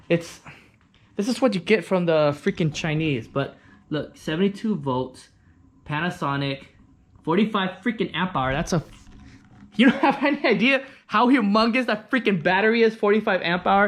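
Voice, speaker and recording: Exasperated man showing off a scooter. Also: a little high. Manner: frustrated, swears mildly, repeats himself. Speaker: scooter mechanic. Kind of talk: casual vlog demonstration. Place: home garage.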